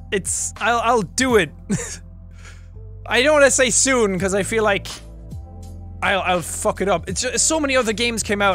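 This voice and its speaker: A young Irish man casually chatting on a livestream, reading viewer messages and laughing between quick remarks. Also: high-pitched, bright, forceful tone. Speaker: streamer. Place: home recording room.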